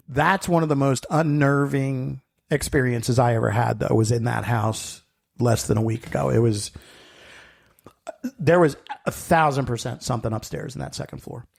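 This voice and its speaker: A man's voice: medium pitch, creaky. A man co-hosting a podcast, telling stories in casual chat, swearing freely and laughing easily. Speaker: podcast co-host.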